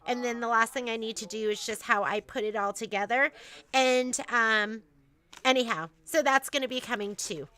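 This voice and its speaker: A woman's voice: a little high, normal speed, bright, forceful tone. A woman hosting a casual store livestream, chatting in a rambling way with lots of fillers and restarts.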